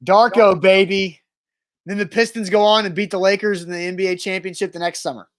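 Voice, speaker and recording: A man co-hosting a casual sports trivia show, eager and quick to guess and banter. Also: high voice, steady tone. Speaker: co-host of a trivia segment.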